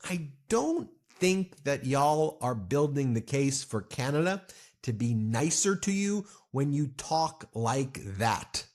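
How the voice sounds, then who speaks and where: A man's voice: mid-range voice, darkish tone. Sarcastic man ranting about politics. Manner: sarcastic, mocking, does exaggerated impressions. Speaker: political commentator. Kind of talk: fast-paced political commentary rant.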